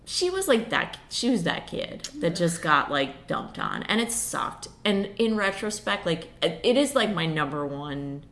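A woman's voice: lowish voice, big pitch swings, a little slow, few pauses, a bit bright. A woman in her thirties talking casually and personally, rambling with many fillers. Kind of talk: casual chat.

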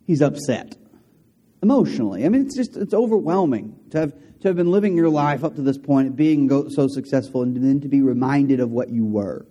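A man's voice: medium pitch, a little fast, highs cut off. Man preaching a conversational sermon. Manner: conversational, animated storytelling with asides to the congregation. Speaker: pastor.

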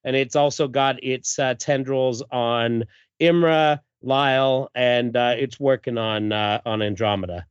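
A man's voice: medium pitch, a little slow, smooth, dry recording. A man hosting a podcast, casually recapping a comic issue and reading the credits, with plenty of fillers. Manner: relaxed, many fillers, reads credits aloud. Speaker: podcast host. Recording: dull lo-fi dry recording.

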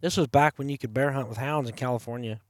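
Animated storytelling man, dry close sound. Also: mid-range voice, quick pace, dry recording. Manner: animated storyteller, acts out quoted voices. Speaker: podcast host. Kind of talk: casual storytelling. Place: campside.

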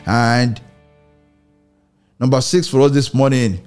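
A man preaching a sermon, repeating phrases for emphasis, with swings in pitch and pace. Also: takes it slowly, darkish tone, faint music behind.

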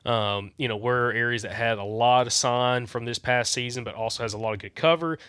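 A man, a podcast co-host chatting in a quick, teasing, easygoing way. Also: mid-range voice, steady tone, a bit bright, smooth, dry recording, clean studio sound. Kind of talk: casual podcast chat.

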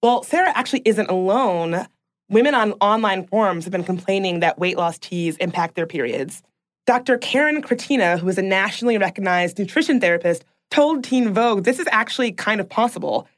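A woman's voice: medium pitch, lively intonation, brisk. A woman co-hosting a podcast in casual chat, reading out facts and growing emphatic and indignant. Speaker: podcast co-host.

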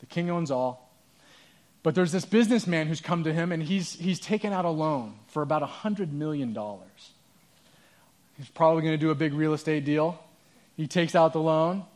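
A pastor preaching a sermon, telling a story in an earnest, conversational way. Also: male voice, on the high side, normal speed, a little mellow.

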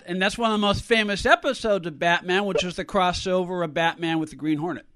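A man hosting an interview, asking questions in a slow, deliberate way. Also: high voice, a bit bright. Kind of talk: radio interview.

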